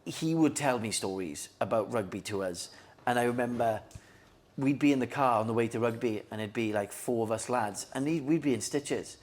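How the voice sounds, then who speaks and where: A man's voice: medium pitch, moderate pace. Laid-back young man. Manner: laid-back, laughing, swearing. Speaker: podcast co-host. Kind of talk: casual chat.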